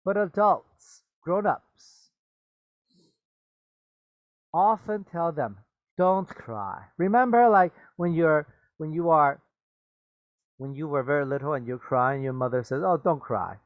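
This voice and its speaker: A man teaches English vocabulary bilingually at a measured pace, pausing often as he repeats and explains words, slips into glosses, and asks "okay?" and "right?". His voice is a little high, with no room sound and phone-quality audio.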